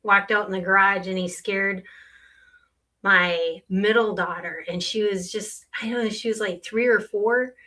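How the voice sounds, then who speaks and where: A middle-aged woman chatting as a podcast guest, easygoing and quick to laugh. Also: medium pitch, steady tone, bright, forceful tone. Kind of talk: casual chat.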